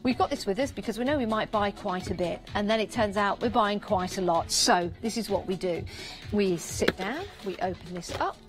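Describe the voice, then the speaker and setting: A woman's voice: medium pitch, moderate pace, faint music behind. Chatty English Midlands woman selling on air. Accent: English Midlands or Northern. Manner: chatty, upbeat, repeats prices and counts for emphasis. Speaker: shopping channel presenter. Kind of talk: live TV product selling. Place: TV studio.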